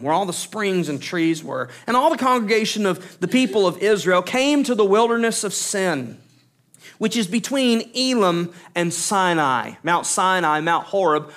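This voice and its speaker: A male pastor with a high voice preaches through scripture verse by verse. He leans on repeated words for emphasis and turns to explain points plainly to his listeners. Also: a bit bright. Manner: explains points directly to the congregation. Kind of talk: verse-by-verse expository sermon.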